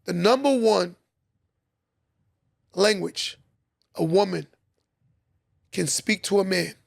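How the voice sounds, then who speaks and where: Gravelly high-voiced man giving relationship advice. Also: slow, dry recording, studio quality. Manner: preachy, repeats points for emphasis. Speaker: podcast host. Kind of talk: advice talk to listeners.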